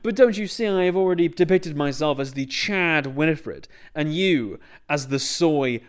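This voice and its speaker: A man's voice: fairly high pitch, animated, moderate pace, smooth, natural voice. A man putting on a smug, self-satisfied male debater in a sneering, mocking tone.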